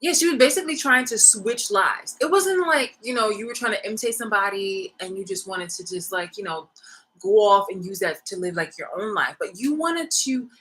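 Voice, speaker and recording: A woman's voice: mid-range voice, animated, moderate pace, a bit bright, slightly rough, low-quality recording. A young woman vlogging in a rambling, slangy casual rant, swearing freely.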